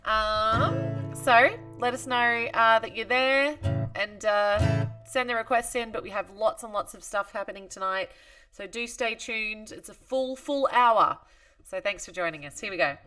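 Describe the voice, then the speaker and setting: A woman's voice: a little high, a little slow, distant mic, over music. A woman hosting a livestream concert, chatting casually and greeting viewers by name as she reads their comments. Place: home studio.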